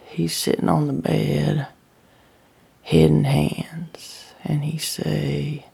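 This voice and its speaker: A woman telling a first-person story in a hushed, breathy voice and a regional dialect. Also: sits low, little pitch movement, very slow.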